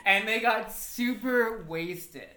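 A woman's voice: on the high side, slow pace, background noise. A young woman casually making up crude, funny ghost stories, giggling often. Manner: giggly, playful, crude joking. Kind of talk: improvised comic ghost storytelling. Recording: echoey room.

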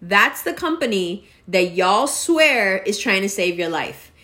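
A woman's voice: medium pitch, expressive, measured pace, bright, forceful tone. A woman in her forties delivering a profane, exasperated rant that scolds her listeners. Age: 40s. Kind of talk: ranting monologue.

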